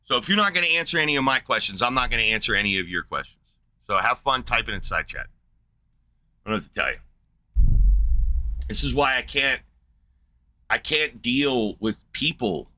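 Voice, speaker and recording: Bright-voiced, combative man ranting angrily. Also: mid-range voice, expressive. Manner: combative, profane, rapid questioning. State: angry, frustrated. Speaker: livestream host. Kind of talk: heated livestream rant.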